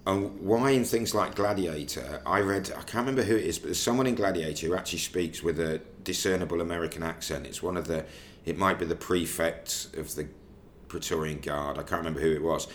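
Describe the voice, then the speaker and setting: A man's voice: sits low, a little fast, a little hiss or hum. A man co-hosting a casual film podcast, musing and wandering off on tangents. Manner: musing, digressive, animated when riffing. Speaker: podcast co-host.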